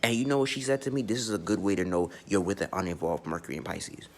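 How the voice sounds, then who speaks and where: A man's voice: deep voice, fairly even intonation, fast, slight background noise. A man giving a blunt, profane, unscripted astrology monologue, speaking emphatically and often restarting his sentences. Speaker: astrology vlogger.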